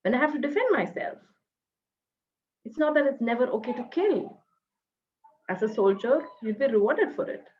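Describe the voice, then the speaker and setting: A woman with an Indian English accent giving a parenting talk, speaking gently and modeling the phrases parents can say to their children. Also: a little high, animated, moderate pace, pauses often, muffled recording.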